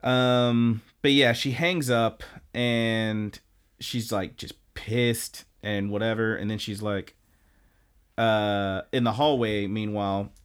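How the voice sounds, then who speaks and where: A man's voice: lowish voice, slow pace, clear, resonant tone. A man co-hosting a podcast, recapping an anime in casual, rambling, profane chat. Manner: rambling, profane, animated storytelling. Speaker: podcast co-host.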